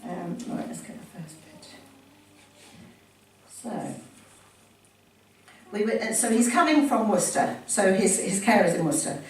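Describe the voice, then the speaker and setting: A woman's voice: medium pitch, sing-song, measured pace, pauses often. A woman reads a story aloud from a book, breaking off now and then to chat, laugh and correct herself. Her voice is in a middle range for a woman. She is heard from some distance in a very echoey room, over a faint background hum. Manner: chatty, with laughs and self-corrections. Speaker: reader sharing a family story.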